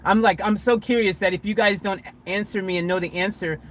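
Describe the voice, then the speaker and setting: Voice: mid-range voice, fairly even intonation, brisk, fairly bright tone. Rambling, chuckling van-life vlogger. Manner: rambling, self-correcting, chuckling. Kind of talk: casual storytelling to camera. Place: inside a van.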